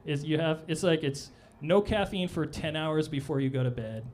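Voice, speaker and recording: A man's voice: on the high side, normal speed, darkish tone. A man performing a stand-up comedy set on a club stage, with a loose, rambling delivery full of "all right?" asides.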